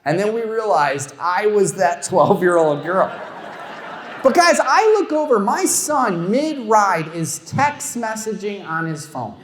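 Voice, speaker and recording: A middle-aged man tells self-mocking stories in a stand-up set, his pitch swinging widely as he works the crowd. The sound carries a long reverb, echoing through a large room from a stage mic. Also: slow, a little hiss or hum. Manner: animated storytelling, self-mocking punchlines. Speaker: stand-up comedian. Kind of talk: stand-up routine with crowd work. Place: comedy show stage before a live audience. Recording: echoey hall with long reverb.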